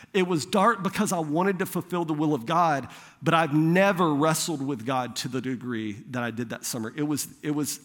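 A fairly high-voiced young man preaches from the pulpit, telling a story about himself in a loose, conversational way. He acts out the people he quotes, and his voice rings with the long reverb of a big hall. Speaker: pastor. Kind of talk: sermon with personal story.

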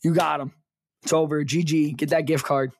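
A man's voice: fairly high pitch, little pitch movement, moderate pace, slight background noise. A man co-hosting a casual podcast chat, rambling and flustered, repeating himself as he talks. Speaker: podcast co-host.

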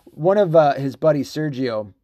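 A man's voice: a little high, lively intonation, moderate pace, dry recording, dull audio. Rambling, profane male podcast host. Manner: rambling and profane, with frequent fillers and laughs. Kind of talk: casual solo podcast monologue.

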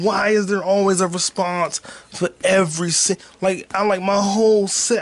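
A man hosting a podcast, ranting casually and profanely about a heckler, repeating himself and swinging between low mutters and shouts. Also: moderate pace. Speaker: podcast host and stand-up comic. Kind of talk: casual rant.

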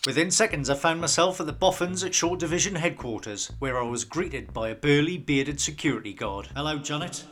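Deadpan man, echoey. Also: on the high side, a little fast, few pauses, soft background music. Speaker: lead character and narrator. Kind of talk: comedy audio drama.

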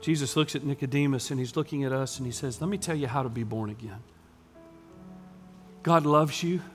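A man preaching a sermon as pastor, dropping to hushed lines and then building up loud as he tells a story. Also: mid-range voice, a little fast, faint music behind.

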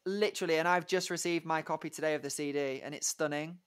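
A man's voice: a little high, steady tone, fast, a bit bright, clean tone. Chatty young man, giggly. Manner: chatty, giggly, rambling with many fillers. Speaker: musical theatre performer, guest. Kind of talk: casual interview chat.

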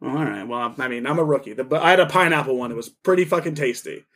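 A mid-range voice and fast delivery mark this young podcast co-host, who tells a story in loose, profane conversation and acts out what others said with lots of energy.

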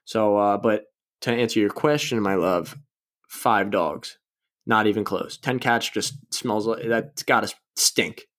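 A man's voice: lowish voice, a little slow, fairly bright tone. Rambling, profane young man podcasting solo. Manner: rambling, profane, self-mocking. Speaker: podcast host. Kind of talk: casual solo podcast chat.

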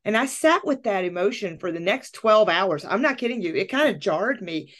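Woman coach chatting casually, tells her story animated, voices her own thoughts. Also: medium pitch, normal speed. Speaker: coach and podcast host. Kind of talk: casual conversation.

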